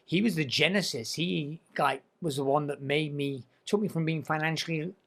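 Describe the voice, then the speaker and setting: A man with a slightly high voice is chatting on a podcast in a studio. he talks with real enthusiasm. he stumbles and restarts his words a lot and says "like" all through his talk. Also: moderate pace, a bit bright. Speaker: podcast host. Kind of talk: casual podcast chat.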